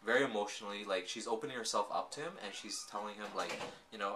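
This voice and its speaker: A man casually recapping and reviewing a TV drama, telling the story in an animated way full of filler words. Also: on the low side, fast, noisy background.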